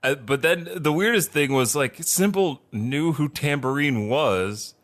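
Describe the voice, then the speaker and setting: A man's voice: on the high side, measured pace. A man co-hosting a podcast, chatting in a playful, joking way. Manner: animated, playful, jokey. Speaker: podcast co-host. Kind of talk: casual chat.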